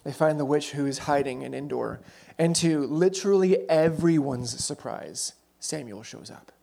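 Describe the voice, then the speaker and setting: A man with a slightly raised voice delivers a sermon as relaxed storytelling. He talks like he's chatting with the room, tossing in asides and correcting himself mid-thought. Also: a little high, a little slow, gravelly. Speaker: preacher.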